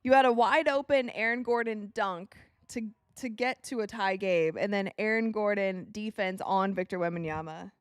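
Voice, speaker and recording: A young woman hosting a live basketball watch party, calling plays excitedly and talking to her viewers. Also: mid-range voice, normal speed, hardly any pauses, clean tone, no room sound, clean studio sound. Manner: excitable, reacts loudly to plays, talks to viewers as you guys. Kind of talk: live game commentary to chat.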